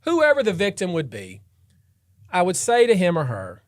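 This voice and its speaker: A man hosting a podcast, a trial lawyer telling a story in an animated, dramatic way and acting out the scenes. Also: high-pitched, normal speed, dry recording, studio quality. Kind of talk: casual storytelling chat.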